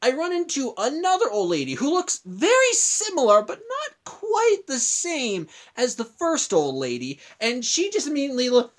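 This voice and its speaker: A man's voice: very high-pitched, wildly swooping pitch, normal speed, hardly any pauses. Rambling young man telling a story. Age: 20s. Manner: rambling, with many restarts and asides. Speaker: vlogger. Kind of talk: storytelling vlog.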